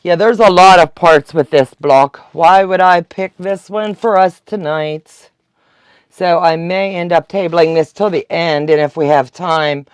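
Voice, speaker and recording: A woman's voice: fairly low pitch, no room sound. A woman, chatting and laughing as she teaches a quilting live stream. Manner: chatty, laughs often, talks to viewers. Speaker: quilting instructor. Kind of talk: casual live-stream tutorial.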